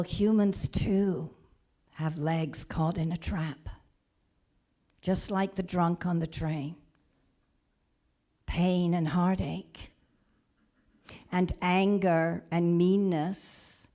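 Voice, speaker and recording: A woman minister retelling a story in a sermon, gentle and halting, with frequent restarts. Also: lowish voice. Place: church or spiritual center.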